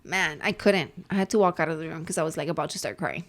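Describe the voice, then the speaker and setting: A woman's voice: low-pitched, fast talker, a bit bright. Candid young woman in casual chat. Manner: candid, conversational, mixes in Spanish phrases. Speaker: podcast co-host.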